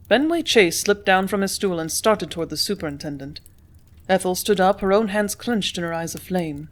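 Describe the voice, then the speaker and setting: A woman's voice: lowish voice, lively intonation, moderate pace. Woman reading a classic novel. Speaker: audiobook reader. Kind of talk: audiobook narration.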